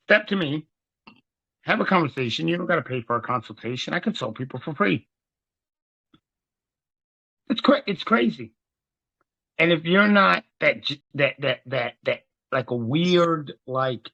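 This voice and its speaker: Man, excited preacher-like host, somewhat high voice, muffled lo-fi sound. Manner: excitable, rapid shifts in tone, preacher-like. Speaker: host and legal trust teacher. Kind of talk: excited preaching-style talk.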